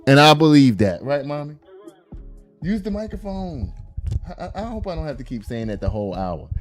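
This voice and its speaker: Brief: male vlog host, slightly high voice, loose and profane, faint music underneath. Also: big pitch swings, moderate pace. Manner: chatty, profane, addresses viewers as y'all. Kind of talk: casual commentary to viewers.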